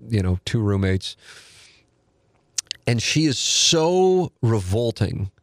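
A man's voice: mid-range voice, dry recording, clean studio sound. A man in his forties telling a rambling, self-deprecating story with casual profanity. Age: 40s.

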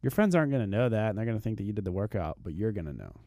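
A man's voice: on the low side, very animated, rapid-fire, warm tone, no echo. A man speaking as a fitness expert on a podcast, earnest and motivational, often repeating words as he starts a thought. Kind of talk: podcast chat.

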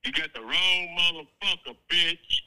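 A man's voice: on the high side, unhurried, bright, forceful tone, poor audio. A man leaving an angry, insulting voicemail that taunts the listener, played off a phone speaker held to the mic. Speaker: voicemail caller. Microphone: phone voicemail held up to the host's mic.

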